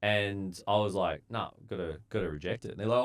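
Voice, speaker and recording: A man's voice: on the low side, fairly quick, hardly any pauses. A man, a civil engineer telling laid-back stories from his site days as a podcast guest, acting out what people said. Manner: laid-back, relaxed storyteller who acts out quotes. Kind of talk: casual storytelling.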